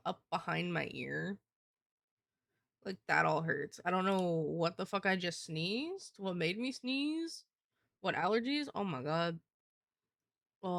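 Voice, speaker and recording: A woman's voice: fairly low pitch, vocal fry, a bit bright, dry recording. A young adult woman live streamer chatting casually to her viewers, rambling and swearing, with lots of "like" fillers. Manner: rambling, profane, heavy use of "like".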